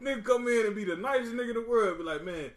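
A man's voice: extremely high pitch, very fast. A man in a casual chat with friends, telling a blunt, profane story with lots of heat.

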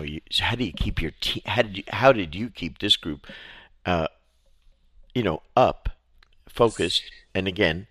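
A man's voice: rumbling low, fairly bright tone, no echo, clean studio sound. A man hosting a podcast interview, chatting casually and rambling with lots of "you know" fillers. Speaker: podcast host.

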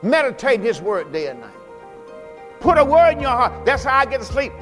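High-voiced preacher shouting in a hall. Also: male voice, big pitch swings, normal speed. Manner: calls on the congregation to respond; shouting with emphasis. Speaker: pastor. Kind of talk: sermon. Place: church sanctuary. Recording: echoey church hall with music.

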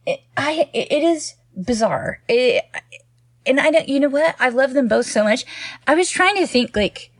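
Lively woman podcaster, high-ish voice, bouncy delivery, dry close sound, laughs a lot. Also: moderate pace, no room sound. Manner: animated, laughing, restarts often. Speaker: podcast co-host. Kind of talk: casual film chat.

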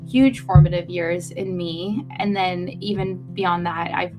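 A woman's voice: fairly low pitch, fairly even intonation, unhurried, music in the background. A young adult woman co-hosting a podcast in casual chat, effusive and heartfelt, with lots of fillers. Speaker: podcast co-host.

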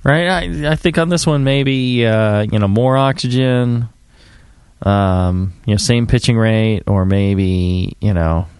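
A man who hosts a podcast, talking in a relaxed, rambling way full of fillers. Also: on the low side, slow, clean tone, no echo. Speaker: podcast host. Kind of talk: casual homebrewing chat.

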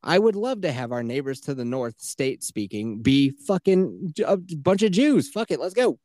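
A man's voice: fairly high pitch, sing-song, normal speed, a little mellow, no echo, studio quality. A man co-hosting a podcast, telling stories in a loose, profane way and slipping into quoted voices. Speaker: podcast co-host. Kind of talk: casual chat.

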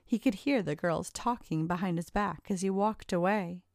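A woman narrating an erotic story in a smooth, measured storytelling manner into a close microphone. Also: on the low side, a little mellow, no echo.

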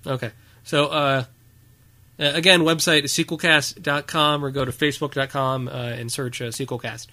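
A man hosts a laid-back podcast, talking in loose, rambling bursts full of fillers. His voice has a bright, keen edge. He laughs easily between points. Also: medium pitch, fairly even intonation, moderate pace. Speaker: podcast host. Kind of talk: casual podcast chat.

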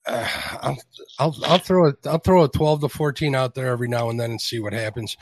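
A man's voice: medium pitch, fairly even intonation, fairly quick, no room sound. A man hosting a fishing live stream, chatting in an easygoing, rambling, folksy way. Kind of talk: casual chat.

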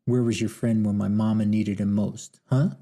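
A man voicing a brawny, bitter son in his sixties who talks gruffly. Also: fairly low pitch, flat delivery, mellow. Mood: stern. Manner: gruff, quick to anger, then subdued.

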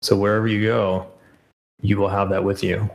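A man's voice: lowish voice, little pitch movement, moderate pace, creaky, rough recording. A man as a podcast guest in casual chat, rambling with many fillers and self-corrections.

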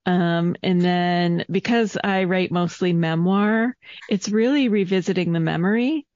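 A woman's voice: fairly low pitch, unhurried, a little mellow, no echo. A woman co-hosting a podcast in casual chat, with many ums and frequent laughter. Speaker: podcast co-host. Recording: dull lo-fi dry audio.

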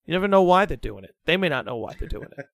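Animated young man telling a story. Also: a little high, rapid-fire, vocal fry, no echo. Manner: animated, dramatic, swears freely. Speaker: podcast guest. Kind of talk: casual storytelling chat.

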